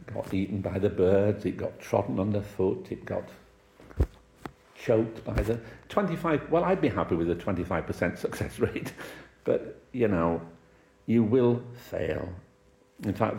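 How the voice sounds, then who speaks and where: Middle-aged male preacher from Wales, low voice, chatty anecdotal sermon, echoey church. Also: dark tone, a little hiss or hum. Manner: conversational, anecdotal with chuckles and acted quotes. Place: church hall.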